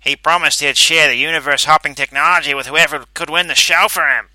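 A man voicing an irritable, indignant middle-aged man who shouts his complaints. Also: medium pitch, brisk, no echo, pitched above the performer's own voice, rough recording. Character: irritable middle-aged man among look-alike doubles.

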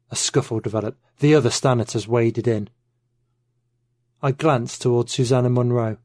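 A man narrating a novel in the first person, steady and measured. His voice sits in a middle pitch, recorded close with a dry, dead sound. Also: dry recording. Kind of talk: audiobook narration.

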